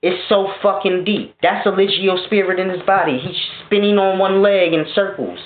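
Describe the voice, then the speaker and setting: A man ranting in a casual spiritual vlog monologue, profane and animated, often laughing. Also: high voice, normal speed. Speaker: spiritual vlogger. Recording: tinny phone-like echoey sound.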